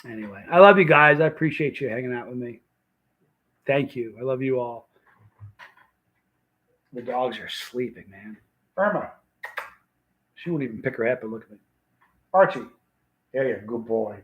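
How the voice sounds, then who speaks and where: A man's voice: mid-range voice, a little fast, pauses often, muffled recording. A man hosting a casual livestream, telling a story in a rambling, emphatic way and often restarting his sentences. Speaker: vlog host.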